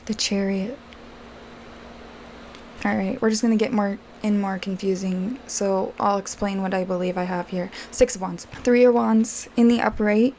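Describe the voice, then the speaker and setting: A woman's voice: mid-range voice, fairly even intonation, moderate pace, a little mellow, a little hiss or hum. A woman doing a casual tarot reading, chatting directly to her viewers with plenty of fillers. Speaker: tarot reader.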